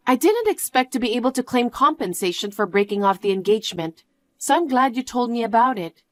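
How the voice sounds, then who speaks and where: A young woman telling her own story in first person, expressive and quick to exclaim. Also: on the high side, no echo, clean studio sound. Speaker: narrator.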